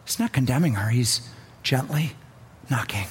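A woman's voice: extremely low pitch, expressive, moderate pace, breathy edge. A woman preacher delivering a sermon, telling a story with earnest swells and drops in emphasis.

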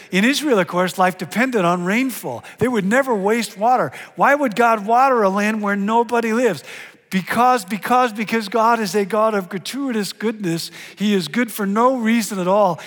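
A middle-aged man preaching a sermon as a pastor, animated and swinging from hushed to loud and emphatic. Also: sits high. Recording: long hall reverb.

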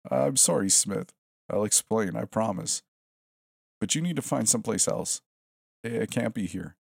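A man voicing a frightened, tearful young college woman in a horror story, speaking in a higher, strained, pleading voice. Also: expressive, normal speed, creaky, slightly rough, no room sound, clean studio sound, heavily acted.

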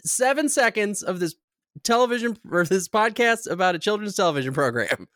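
A woman co-hosting a casual podcast from home, excitable and swearing freely, a little out of breath. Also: mid-range voice, brisk, faint music behind. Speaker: podcast co-host. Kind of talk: casual chat.

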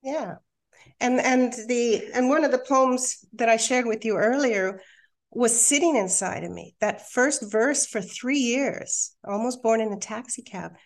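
A middle-aged woman, a podcast guest, telling a painful personal story with halting restarts, then reading her own poem. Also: on the high side. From Australia. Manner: candid, emotional, halting with restarts. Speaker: guest, hypnotherapist and coach.

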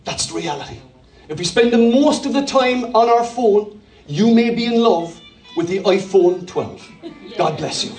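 A male pastor delivering a lively sermon in a very high voice, peppering it with questions and quips to the congregation. He sounds set back from the microphone, and the room rings with echo. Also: measured pace, faint music behind. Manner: animated preacher, rhetorical questions and jokes with the congregation. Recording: echoey room from far off.

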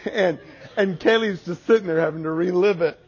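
Man, parenting speaker, animated storytelling, higher voice, dull lo-fi recording. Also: normal speed, a little hiss or hum. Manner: animated, acts out family dialogue with humor. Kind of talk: storytelling talk to an audience.

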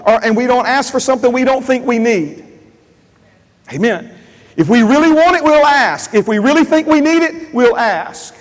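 High-voiced male pastor preaching. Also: big-room sound, rough recording. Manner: preaching with repeated phrases and questions to the congregation. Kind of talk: sermon. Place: church.

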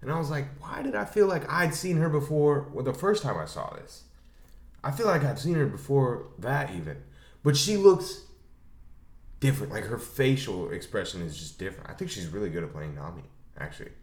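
A young man co-hosting a casual movie chat, animated and swearing a lot as he acts out scenes. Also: lowish voice, a little fast, reverberant. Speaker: podcast co-host.

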